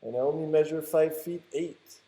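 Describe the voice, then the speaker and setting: A man's voice: on the high side, moderate pace, dark tone. A man with a French Canadian accent, narrating a casual video while filming on a beach, chatty and rambling with teasing asides. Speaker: vlogger. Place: outdoors on a beach by the water. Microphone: handheld camera mic.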